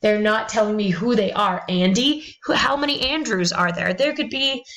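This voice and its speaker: A woman's voice: mid-range voice, normal speed, fairly bright tone, rough recording. A woman teaching college English, lecturing bluntly about email etiquette with sarcastic, exasperated asides.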